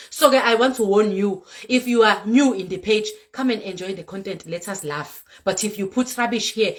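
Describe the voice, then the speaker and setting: A young woman from South Africa speaks with a South African accent, talking straight to camera in an emphatic, lecturing way. She keeps going back to the same points and drops in the odd Zulu word. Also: mid-range voice. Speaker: content creator. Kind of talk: direct-to-camera rant vlog.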